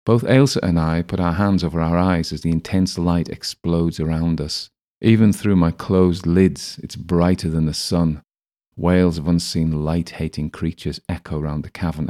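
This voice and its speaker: A man narrating a first-person audiobook in a steady, even way. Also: deep voice.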